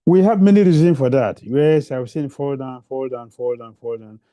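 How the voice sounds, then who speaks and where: A man's voice: mid-range voice, lively intonation, normal speed, mellow, no room sound, highs cut off. A man giving a devotional lecture, repeating phrases for emphasis and asking rhetorical questions, in non-native English phrasing. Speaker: preacher.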